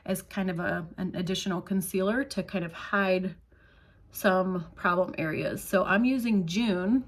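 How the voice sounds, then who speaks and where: A woman's voice: fairly low pitch, a little slow. Woman, tutorial host; chatty, reassuring step-by-step makeup demo. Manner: chatty, reassuring, checks in with "okay?". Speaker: makeup demonstrator.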